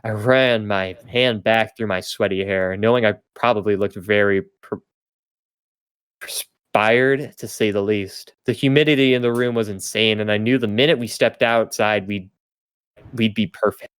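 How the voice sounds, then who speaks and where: A man's voice: on the low side, fairly even intonation, moderate pace, a bit bright, clear, resonant tone, dry recording, clean studio sound. A young man hosting a podcast, reading fanfiction aloud for comedy, stumbling and correcting himself with laughing asides. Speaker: podcast host and reader.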